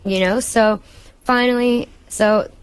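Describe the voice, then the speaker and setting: A woman guest in a radio interview, telling a story with lots of energy and acting out what people said with sudden pitch jumps. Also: slow, clean tone, dry recording. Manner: excitable, acts out quotes with big jumps in pitch.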